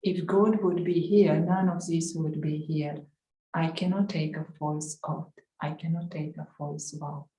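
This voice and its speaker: A woman voicing a calm, unshakable young woman under twenty who quietly and firmly refuses. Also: low-pitched, unhurried, echoey room, slight background noise, low-quality recording.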